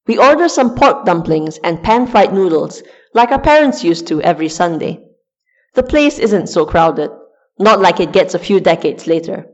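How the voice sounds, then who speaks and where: A woman's voice: fairly low pitch, expressive, normal speed, dull audio. A woman reading a first-person story aloud in a dry, wry food-diary manner. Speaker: story reader. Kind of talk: scripted first-person narration.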